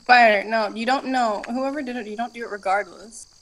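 Excitable female gamer, slightly high voice, faint hiss behind. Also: fairly quick, rough recording. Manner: excitable, laughs a lot. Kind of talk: casual gaming chat.

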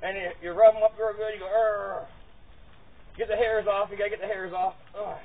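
A man with a high-pitched, level voice talks fast, rambling casually as he handles dogs in an outdoor pen, repeating words and grunting with effort. He's a vlogger demonstrating dog handling, and the audio is tinny and phone-like with faint noise.

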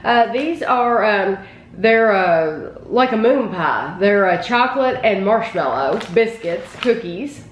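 A woman's voice: medium pitch, animated, slow. Chatty woman host in a food-tasting video, talking to viewers; roomy indoor sound, faint hiss. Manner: chatty, addresses viewers directly. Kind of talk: casual food tasting chat. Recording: roomy with faint background noise.

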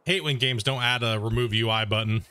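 Male game streamer, casual desk-mic chatter, bright timbre, laid-back filler-heavy delivery. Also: mid-range voice, fairly quick, clear, resonant tone. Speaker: gaming streamer.

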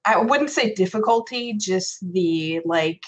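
A woman's voice: mid-range voice, expressive, slow pace, slight background noise, rough recording. A woman voice actress chatting casually as a podcast guest, with a sassy, playful manner. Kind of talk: casual chat.

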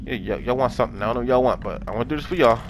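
A man's voice: medium pitch, rapid-fire, background noise. A young man giving casual let's-play commentary, chatting to the game characters in slang and swearing often. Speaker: gaming channel host.

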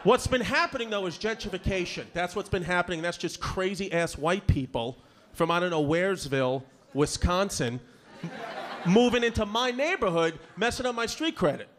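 Brash, profane New stand-up in his thirties, fairly high voice, live club recording with clear audience noise. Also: lively intonation, a bit bright. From Brooklyn, New York. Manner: brash, profane, rapid-fire with crowd work. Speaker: stand-up comedian. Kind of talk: stand-up comedy set. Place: comedy club stage before a live audience. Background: audience laughter.

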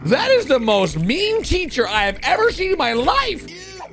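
Excitable man shouting over cartoons. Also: extremely high pitch, unhurried. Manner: excitable, big jumps into shouts and gasps. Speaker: gaming YouTuber. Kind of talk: reaction commentary on cartoon animations. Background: background music.

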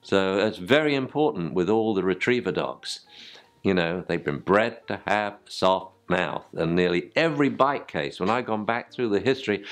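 Animated older man teaching. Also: low voice, moderate pace. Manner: animated, acts out yelps and commands to dogs. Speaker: dog trainer. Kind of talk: informal teaching talk.

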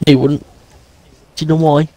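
A man's voice: on the high side, level tone, moderate pace, mellow, low-quality recording. A man teasing his friend over voice chat while they play a racing game, slipping into mock sports commentary. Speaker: gaming friend. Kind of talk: casual gaming banter.

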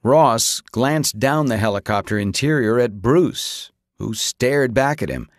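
A man reading an audiobook with dramatic, expressive narration. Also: lowish voice, unhurried, hardly any pauses, no room sound, clean studio sound. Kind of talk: scripted narration.

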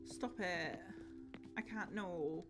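A young Scottish woman streaming a cozy game, gushing and excitable, often trailing off into fillers. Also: on the low side, drawn-out words, rough recording. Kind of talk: casual gaming livestream chat. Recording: game music playing underneath.

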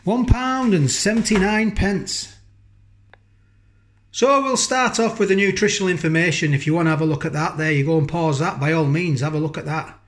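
A man's voice: on the high side, quick pace, few pauses, a bit bright. Chatty man reviewing food. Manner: chatty, rambling, keeps asking tag questions. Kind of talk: casual food review vlog. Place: home kitchen, indoors.

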